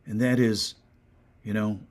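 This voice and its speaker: A man with an American accent, a pastor giving a short devotional sermon, earnest and questioning, sometimes dropping to a soft whisper. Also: on the low side, little pitch movement, unhurried.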